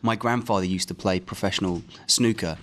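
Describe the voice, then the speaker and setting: A man's voice: low voice, brisk, fairly bright tone. A young man, an actor giving a press junket interview in a loose, rambling way full of fillers.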